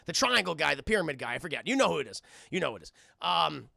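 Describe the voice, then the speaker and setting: A man streaming a casual cartoon recap with a high, very gravelly voice. He rambles, swears freely and keeps turning to speak to his chat. The sound is dry and close. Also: big pitch swings, fast, bright, forceful tone, dry recording. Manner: profane, rambling, talks to chat.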